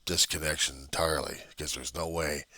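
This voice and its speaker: A man's voice: a bass voice, steady tone, brisk, pushed and bright, no echo. A man talking through a raw, agitated video diary, repeating himself and swearing often. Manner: raw, agitated, profanity-laced, repetitive. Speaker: video diarist. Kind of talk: personal video diary monologue. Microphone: computer webcam.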